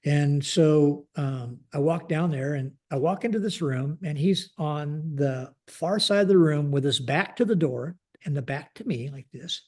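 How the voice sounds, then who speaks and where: A man in his sixties, a retired general telling stories as a podcast guest, halting and restarting often. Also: on the high side, darkish tone. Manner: halting, frequent restarts, keeps saying "like this". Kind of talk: conversational storytelling.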